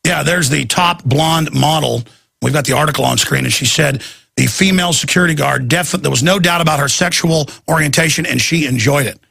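Gravelly, high-pitched ranting male host. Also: brisk, bright, forceful tone, no room sound. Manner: rambling storytelling with restarts and stammers; acts out quoted people in shifting voices. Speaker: talk show host. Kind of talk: ranting monologue.

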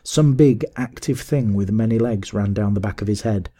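A man narrating a classic adventure story as an audiobook, in a measured storytelling manner. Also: lowish voice. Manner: measured, even storytelling that rises to shouts in dialogue.

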